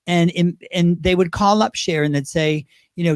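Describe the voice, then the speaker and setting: A man's voice: high-pitched, normal speed, few pauses, no room sound, studio quality. A man in his fifties, a drag performer telling rambling stories as an interview guest. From Great Britain. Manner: chatty, rambling, slips into impressions. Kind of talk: casual interview storytelling.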